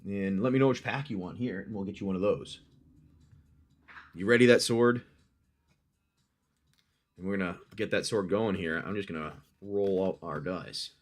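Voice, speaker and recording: A man's voice: low voice, normal speed, long pauses. A man hosting a livestream, narrating a dice-rolled adventure game for a player he calls his friend and reacting to each roll. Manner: chatty, addresses the player as "my friend"; talks through dice rolls, reacts loudly to hits.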